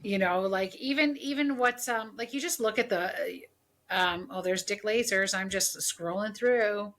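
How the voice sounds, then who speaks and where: A woman's voice: mid-range voice, normal speed, a bit bright. A woman from Canada with a light Canadian accent, hosting a casual podcast in a blunt, teasing way. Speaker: podcast host.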